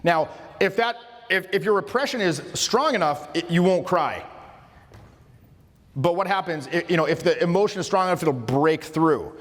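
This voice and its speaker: A man's voice: high voice, expressive, moderate pace, a bit bright. A man coaching social skills in a casual lecture, emphatic and informal, often restarting his phrases. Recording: long reverberant room sound.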